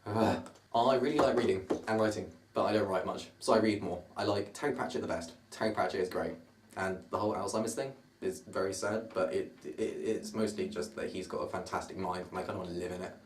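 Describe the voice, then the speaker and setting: A man's voice: deep voice, quick pace, a little hiss or hum. A twenty-year-old man from the south of England with a southern English accent, chatting in a self-mocking, rambling way to camera in his bedroom. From Surrey, south of England. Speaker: vlogger. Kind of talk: casual rambling monologue to camera. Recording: roomy bedroom, camera at a distance.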